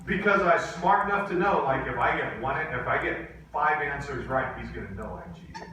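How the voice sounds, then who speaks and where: Animated male teacher, echoey classroom. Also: medium pitch, moderate pace, recorded from a distance, a little hiss or hum. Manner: animated, acts out quotes in voices. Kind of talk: classroom storytelling.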